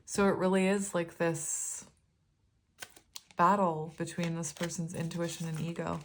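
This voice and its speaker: A woman's voice: fairly low pitch, little pitch movement, measured pace, a little hiss or hum. Giggly, chatty woman reading tarot. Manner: chatty, often breaks into giggles; loose and rambling, many ums and self-corrections. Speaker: tarot reader. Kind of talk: casual tarot reading to viewers.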